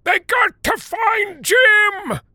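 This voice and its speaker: Dying old man; blurts strained, high shouts from half-consciousness. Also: expressive, extremely slow, no room sound, studio quality, exaggerated voice. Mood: shouting. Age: older. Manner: sudden loud outbursts.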